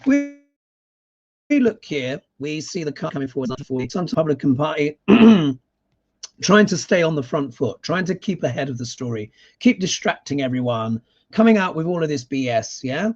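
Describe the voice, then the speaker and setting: A man's voice: a little high, very animated, normal speed, darkish tone. A man giving a live tarot reading in casual, sarcastic talk, often tagging his points with a questioning "yeah?". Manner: sarcastic, emphatic, keeps adding "yeah?" tags. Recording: dull lo-fi sound.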